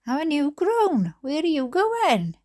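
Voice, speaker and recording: A Welsh woman reading aloud and voicing a hearty, pipe-smoking middle-aged man in a raised, bright tone. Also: high-pitched, wildly swooping pitch, unhurried, pitched above the performer's own voice, exaggerated voice.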